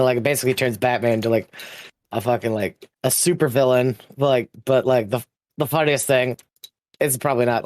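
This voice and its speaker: A man's voice: medium pitch, no room sound. Rambling young male podcast co-host. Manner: rambling, heavy filler use and swearing, laughs while telling. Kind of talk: casual chat.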